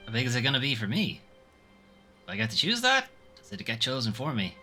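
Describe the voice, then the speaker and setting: A man doing a curious young Highland girl. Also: huge pitch swings, brisk, pushed and bright, slightly rough, soft background music, full character voice. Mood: musing. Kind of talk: reading game dialogue aloud.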